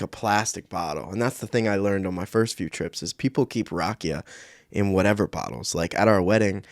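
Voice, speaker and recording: A man's voice: on the low side, no echo, studio quality. A man casually telling a personal story to camera, rambling with many fillers and asides. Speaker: channel host.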